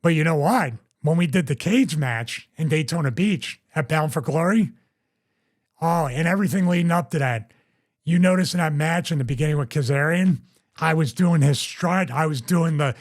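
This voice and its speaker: A man's voice: on the high side, moderate pace. A middle-aged man hosting a podcast, casually telling a story and acting out other people's quotes in raised voices.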